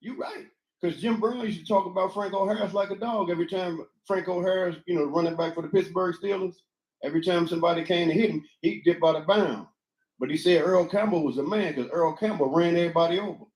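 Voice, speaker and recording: A man's voice: high voice, quick pace, darkish tone, echoey room, low-quality recording. A man in a casual panel discussion who talks bluntly, argues back and cuts in on the other speaker. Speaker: panel guest.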